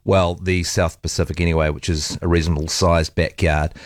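A man's voice: low-pitched, level tone, a little fast, dry recording, studio quality. A man hosting a talk radio show, chatty and jokey. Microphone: studio microphone.

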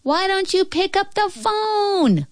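A woman voicing an excitable little girl who calls out loudly from far away in a storybook reading. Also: fairly high pitch, normal speed, dry recording, studio quality. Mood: calling.

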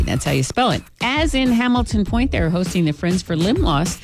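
A radio co-host reading the weather and a contest promo in a brisk, upbeat announcer style. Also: mid-range voice, big pitch swings. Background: music bed.

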